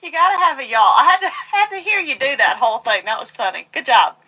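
A woman from the American South, co-hosting a podcast in casual chat, lively and quick to laugh. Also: high-pitched, husky. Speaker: podcast co-host. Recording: dull, muffled audio.

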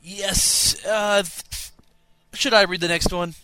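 Bright-voiced playful podcast co-host man. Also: high-pitched, steady tone, slow pace, clear, resonant tone, no echo. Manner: playful, laughs often, jokey asides. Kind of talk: casual podcast chat, reading listener mail.

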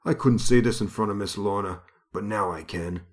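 A man voicing a gruff, blunt circus strongman who talks in rough, ungrammatical speech. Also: fairly low pitch, moderate pace, lightly acted. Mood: bitter.

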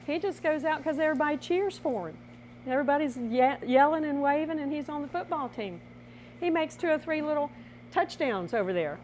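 Woman workshop presenter, animated and playful, acts out examples, slightly high pitch. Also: a little fast, a little hiss or hum. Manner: animated, laughing, acts out little scenes. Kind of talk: lively seminar teaching.

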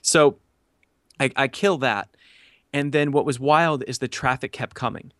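Man, 30s, podcast guest; lively storyteller who acts out quotes, fillers galore, dry close mic. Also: mid-range voice, unhurried, no echo. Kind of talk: casual storytelling.

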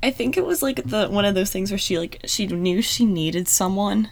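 A woman's voice: mid-range voice, moderate pace, darkish tone. A woman in a casual chat about a TV show, agreeing and adding short remarks.

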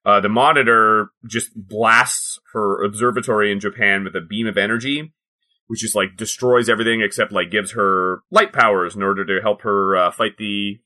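A man's voice: fairly low pitch, fairly even intonation, moderate pace, pushed and bright. A man co-hosting a casual comedy podcast, explaining things in a rambling way with many fillers and frequent laughs. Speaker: podcast co-host.

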